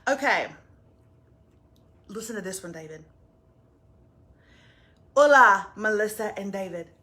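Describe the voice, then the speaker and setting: A woman, co-hosting a live morning show in loud, playful, teasing casual chat. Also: mid-range voice, normal speed. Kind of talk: casual live chat, reading a viewer's message.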